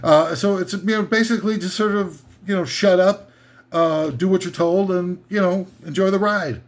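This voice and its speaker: A man's voice: high voice, normal speed. A man hosting a comedy list show, delivering a rambling sarcastic rant full of "you know" and "uh" fillers.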